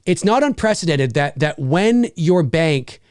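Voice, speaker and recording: Enthusiastic Canadian man, slightly high voice. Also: expressive, unhurried, darkish tone, smooth, dry recording, clean studio sound. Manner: enthusiastic, repeats himself, chatty. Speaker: livestream host reading chat. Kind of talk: casual livestream chat.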